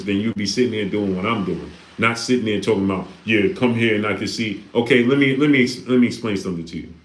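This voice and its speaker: A man hosting a livestream, talking casually and preaching with repeated rhetorical questions. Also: fairly low pitch. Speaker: live stream host reading Super Chats. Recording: echoey room.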